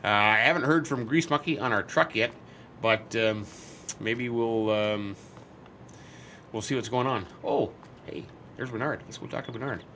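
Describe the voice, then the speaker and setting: A man's voice: medium pitch, normal speed, long pauses, bright, forceful tone, slight background noise. Rambling, chatty man narrating a farm game. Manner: rambling, chatty, thinks aloud with many fillers. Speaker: game roleplay host. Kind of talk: casual in-character game commentary.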